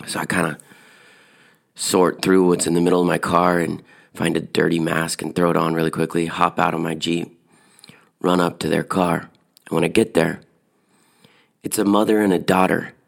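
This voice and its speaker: Brief: low-voiced man, heavy vocal fry, casual personal storytelling. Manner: relaxed conversational storytelling.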